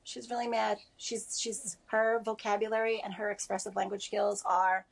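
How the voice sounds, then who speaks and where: A grieving woman in her forties giving a remote interview over a video call, speaking softly and haltingly with many pauses. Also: mid-range voice, little pitch movement, gravelly. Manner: halting, soft-spoken, many pauses and fillers. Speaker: interview guest.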